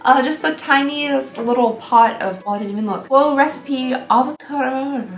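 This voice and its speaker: A young woman in a casual unboxing vlog, chatty and quick to laugh at herself. Her voice sits a little high and sounds worn, as if she is losing it. The echoey room around her gives it a hollow ring. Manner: chatty, self-teasing, giggly. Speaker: beauty vlogger.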